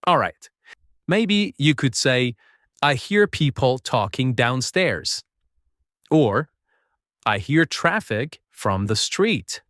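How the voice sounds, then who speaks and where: Male English teacher, slow and animated, dry close recording. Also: mid-range voice, no room sound. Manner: slow, clear, encouraging, repeats phrases.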